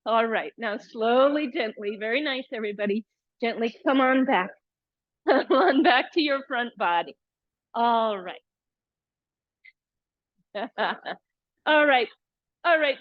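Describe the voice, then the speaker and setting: Female yoga teacher, slightly high voice, playful and encouraging, dry and dull-sounding room. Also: expressive, unhurried, pauses often, no room sound. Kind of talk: live yoga class instruction.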